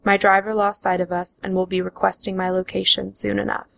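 A laid-back young man, as a woman reading a memoir puts him on. He speaks casually in an unbothered way, with a gravelly fry. His tone stays even. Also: mid-range voice, fairly quick. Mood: relaxed.

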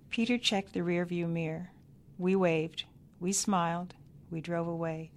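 A woman reading her own memoir aloud in a measured, deliberate way with dry understatement. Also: lowish voice, steady tone, a little mellow. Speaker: memoir narrator.

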